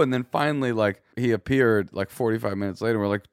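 A man co-hosting a podcast in casual chat, telling stories with lively, shouted impressions. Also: quick pace, hardly any pauses, clear, resonant tone, no echo, studio quality. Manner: animated storyteller, shouts quoted lines in a high voice. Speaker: podcast co-host.

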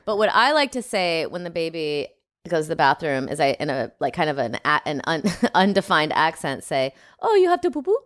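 A woman co-hosts a casual podcast with a frank, wry manner and easy swearing. Her voice sits on the low side, recorded close and dry with no room around it. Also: animated, moderate pace, fairly bright tone, dry recording. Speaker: podcast co-host. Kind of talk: casual chat.

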